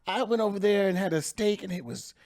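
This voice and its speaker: Co-host with a St. Louis accent, casual chat, playful and dramatic, very lively pitch. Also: a little fast. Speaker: podcast co-host.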